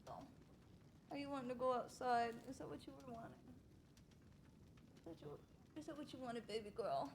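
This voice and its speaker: Animated, giggly woman streamer. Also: on the high side, a little fast, long pauses, a little hiss or hum. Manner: animated and giggly, chatting to viewers. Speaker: streamer roleplaying a deputy. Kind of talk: casual streaming chat.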